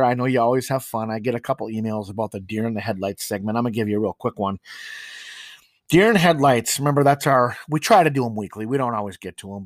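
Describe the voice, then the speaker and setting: A man hosting a Christian commentary show, preaching in an emphatic monologue that swings into loud, indignant outbursts. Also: medium pitch, no room sound, clean studio sound.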